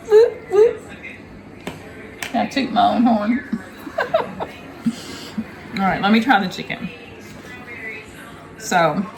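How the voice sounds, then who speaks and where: A woman hosting a home cooking vlog. She chats warmly and directly to her viewers and raves about the food. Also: mid-range voice, creaky. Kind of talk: casual cooking vlog chat. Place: home kitchen.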